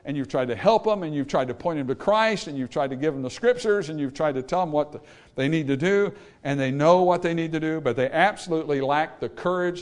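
Emphatic preaching man, higher voice. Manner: preaching with rising emphatic calls to the congregation. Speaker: pastor. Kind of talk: sermon.

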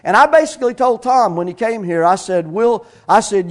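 Man, middle-aged pastor, high-pitched voice, folksy storytelling sermon. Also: normal speed. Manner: storytelling preacher, animated, folksy, with shouts of praise.

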